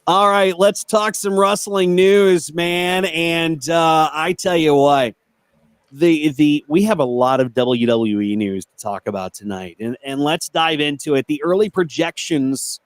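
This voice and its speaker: A man hosts a wrestling talk show in a loose, joking way, tripping over restarts and laughing as he goes. His voice sits a bit high, and the sound is dry and close. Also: a little slow, smooth, no echo. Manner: laughs often, stammers on restarts. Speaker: podcast host. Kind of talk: casual chat and news reading.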